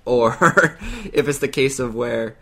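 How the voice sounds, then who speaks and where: A man co-hosting a casual podcast chat, relaxed and rambling with lots of fillers. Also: medium pitch, slow, gravelly, husky. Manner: relaxed, rambling, frequent likes and laughs. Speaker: podcast co-host.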